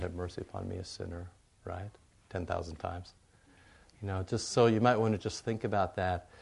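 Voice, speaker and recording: Low gravelly-voiced older male pastor. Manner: folksy and rambling, checks in with the congregation with frequent "right?". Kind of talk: conversational sermon.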